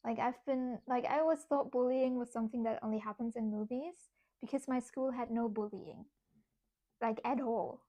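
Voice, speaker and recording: A young woman chats casually on a livestream as she works on crafts. Her voice sits a little higher than most, and she rambles from one thought to the next, amused at herself. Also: fairly even intonation, moderate pace, dark tone. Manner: chatty, rambling, self-amused. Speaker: artist streamer.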